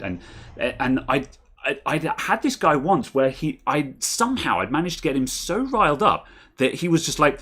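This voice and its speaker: A man's voice: big pitch swings, moderate pace, a bit bright, breathy edge. A man from England co-hosting a casual chat, telling rambling anecdotes from his old computer shop. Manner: rambling anecdotes, shifts to high exaggerated voices when quoting. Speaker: co-host, former computer shop owner.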